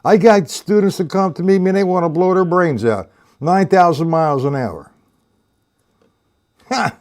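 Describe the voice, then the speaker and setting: A man teaching a live-streamed drum lesson, explaining patiently and counting the sticking aloud in a low murmur. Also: a little mellow. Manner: slow, patient explaining, reads out chat names. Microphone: webcam or computer mic on a live stream.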